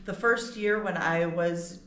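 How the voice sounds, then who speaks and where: Woman podcast co-host, bright, animated, echoey room. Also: lowish voice, slow pace. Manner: lively, playful. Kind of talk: casual chat. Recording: roomy with faint ambient noise.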